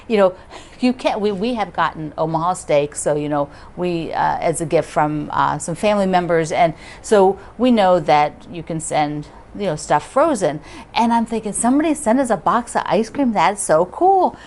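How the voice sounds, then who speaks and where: Giggly quilting lady chatting to her viewers, gushes a lot, bit of faint noise behind. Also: medium pitch. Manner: chatty, giggly, lots of gushing. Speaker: quilting video host. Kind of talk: casual chat to viewers.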